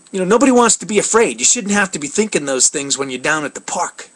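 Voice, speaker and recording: A man's voice: sits high, lively intonation, fast, few pauses. A man telling a story in a casual vlog, rambling with many fillers. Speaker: vlogger.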